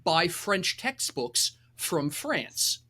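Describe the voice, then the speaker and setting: A man acting as game master in a casual online tabletop session, rambling and restarting often, quick to laugh. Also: fairly high pitch, very animated, pushed and bright, breathy edge. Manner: rambling, self-interrupting, laughs easily.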